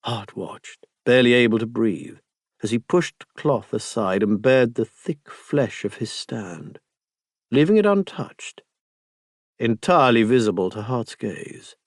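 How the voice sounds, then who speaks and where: A man's voice: medium pitch, lively intonation, measured pace, no echo. Male audiobook narrator, dry sound. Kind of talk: scripted narration.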